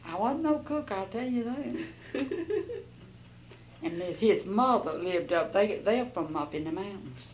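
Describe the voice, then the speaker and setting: A woman's voice: mid-range voice, takes it slowly, long pauses, a little hiss or hum, rough recording. An older woman, telling a rambling, folksy life story as an oral history interviewee. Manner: folksy, rambling, quotes others in lively bursts.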